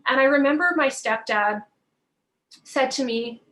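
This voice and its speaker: A woman's voice: sits high, measured pace, long pauses, fairly bright tone. A woman photographer giving a heartfelt motivational talk, earnest and emotional, close to tears and repeating phrases for emphasis. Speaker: photographer speaking at a live broadcast.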